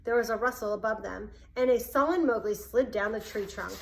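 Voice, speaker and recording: A woman narrating a storybook aloud in a steady, expressive reading voice. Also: on the high side, brisk, creaky, hardly any pauses, slight background noise, poor audio.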